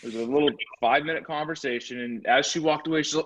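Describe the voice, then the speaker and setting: A man giving a motivational sales training talk, telling animated stories about his dog. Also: on the high side, quick pace. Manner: animated, energetic storytelling. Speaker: real estate sales trainer. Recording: slightly muffled recording.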